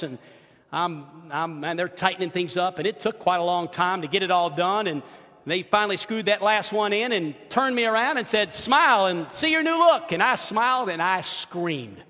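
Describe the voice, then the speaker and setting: A male pastor telling stories in a sermon, swinging from soft asides to loud, excited outbursts. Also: high voice, normal speed. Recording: long hall reverb.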